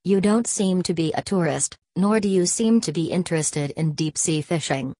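Woman reading a greedy middle-aged hustler: low, smooth, salesman pitch. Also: moderate pace, dark tone, dry recording, studio quality, natural voice. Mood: smooth, persuasive. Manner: direct, salesman-like.

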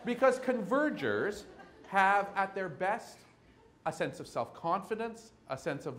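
A man giving a keynote lecture, telling stories and acting out quick scenes between people. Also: high voice, a little hiss or hum. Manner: animated, acts out little scenes with quoted voices. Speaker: keynote speaker. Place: lecture hall with audience.

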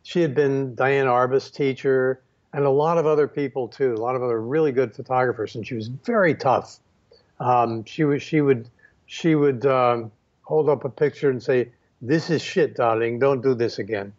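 A man's voice: mid-range voice, steady tone, a little mellow. Man telling stories over a dull recording. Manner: unhurried, many fillers and restarts. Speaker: photographer guest. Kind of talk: reflective storytelling.

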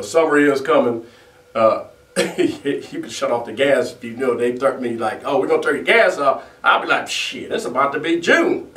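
A man's voice: mid-range voice, fairly bright tone. A man hosting a comedic mock weather report outdoors, rambling and griping with frequent laughs. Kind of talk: improvised comedic monologue. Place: outdoors at sunset. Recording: distant outdoor mic with echo.

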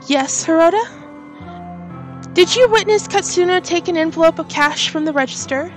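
A woman's voice: extremely high pitch, moderate pace, soft background music. A woman voicing a sly, fawning young female coworker in a horror game, speaking in a sugary tone.

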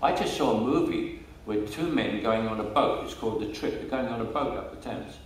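A man's voice: lowish voice, expressive, a little fast, a little hiss or hum. An older man with a Cockney accent, telling stories as an interview guest. He talks in a chatty way, laughs often and repeats words as he restarts. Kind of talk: casual anecdotal interview. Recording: echoey room, mic at a distance.

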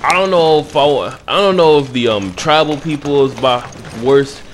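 A man's voice: fairly high pitch, moderate pace, slight background noise. A man giving casual, profane commentary while playing a video game, often talking to the characters on screen. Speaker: gameplay commentator. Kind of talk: casual let's-play commentary. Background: loud game music.

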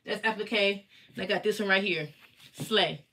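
She talks at a normal speed in a medium pitch with a sharp tone. A craft seller and teacher, she's live streaming casually from the basement of her home, speaking directly to viewers while presenting embroidered patches.

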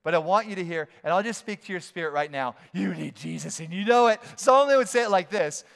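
A high, smooth-voiced man preaching to a congregation. He is animated and playful and breaks into shouted character voices. The long reverb of a large church hall hangs on his words. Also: fast talker. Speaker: pastor. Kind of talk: sermon.

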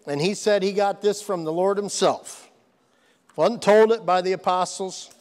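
A man's voice: high voice, darkish tone, big-room sound. A man preaching a sermon to his congregation, emphatic, repeating phrases and asking if they are listening. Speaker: pastor. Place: church sanctuary.

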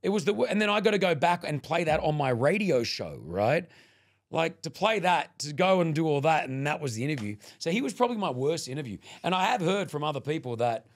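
A man's voice: on the high side, a little fast. A middle-aged man from Australia, a radio presenter chatting as a podcast guest and telling anecdotes, acting out what people said. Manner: animated anecdote teller, acts out quoted lines. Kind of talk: casual chat, storytelling.

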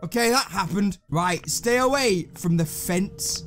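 A man's voice: high-pitched, expressive, moderate pace, few pauses, a little hiss or hum. A man giving jumpy, sarcastic, swearing commentary while playing a horror video game. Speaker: gaming channel host.

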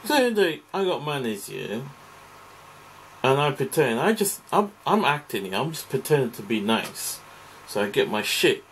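A man's voice: medium pitch, sing-song, measured pace, fairly bright tone, low-quality recording. A man with a mid-range voice rambles through an aggrieved, profane rant to camera. The room behind him has a faint ambient hum. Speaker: vlogger. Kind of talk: ranting monologue to camera.

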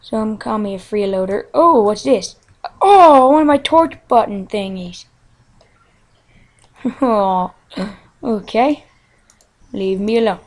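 A woman's voice: medium pitch, animated, slow, long pauses, darkish tone. A woman hosting a game let's play, chatting casually to herself in a goofy, playful way with frequent giggles. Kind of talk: casual gameplay commentary.

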